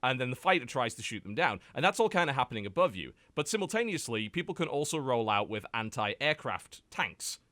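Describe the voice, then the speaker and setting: A British man hosting a casual podcast, talking about games in an animated, joking way and slipping into playful impressions. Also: mid-range voice, no room sound. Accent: British English. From United Kingdom. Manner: animated, joking, quick to mimic and exaggerate. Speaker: podcast host. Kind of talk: casual chat.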